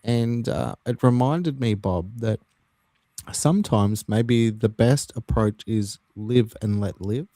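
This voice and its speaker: Aussie podcast host guy, mid-pitch, chatty storyteller, dry close sound. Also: takes it slowly, no echo. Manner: animated anecdote-telling. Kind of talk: casual podcast chat.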